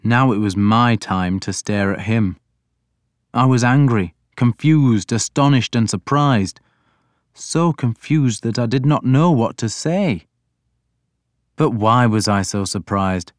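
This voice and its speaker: A man giving a deliberate, even first-person audiobook narration. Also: medium pitch, no echo, clean studio sound.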